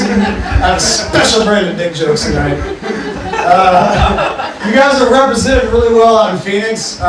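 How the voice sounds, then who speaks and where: High-voiced young man doing stand-up. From Mississippi Gulf Coast, USA. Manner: casual, profane, rambling with many fillers. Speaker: stand-up comedian. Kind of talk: stand-up comedy set. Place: bar room with a live audience. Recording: echoey, distant, noisy live bar recording. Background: room ambience and crowd noise.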